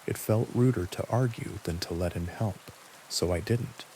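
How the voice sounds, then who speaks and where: A man reading a scary bedtime story aloud in a calm, steady storytelling manner. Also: low voice, normal speed, gravelly, a little hiss or hum, low-quality recording. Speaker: narrator. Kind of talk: scripted horror narration for sleep.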